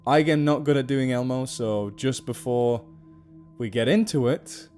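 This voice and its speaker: A man's voice: medium pitch, measured pace, a little mellow, faint music behind. A man chatting casually on a live stream, giggly and rambling.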